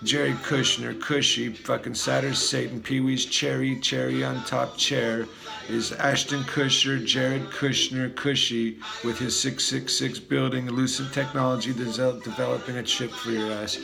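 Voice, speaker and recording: Man vlogger, rambling profane rant, mid pitch. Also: level tone, measured pace, vocal fry, over music. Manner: free-associating, profane, muttering. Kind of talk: rambling conspiracy monologue.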